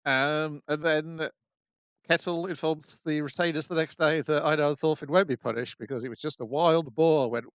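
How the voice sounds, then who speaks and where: A man's voice: fairly high pitch, fairly even intonation, normal speed, clean tone, no room sound. A man co-hosting a casual podcast, introducing and recapping episodes with frequent fillers. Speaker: podcast co-host. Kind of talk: casual anime podcast chat.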